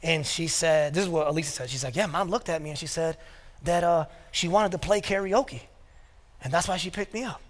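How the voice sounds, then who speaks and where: High-voiced pastor in an echoing church. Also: male voice, brisk. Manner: storytelling with casual asides and quoted dialogue. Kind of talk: sermon. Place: church sanctuary. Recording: long reverb of a church hall.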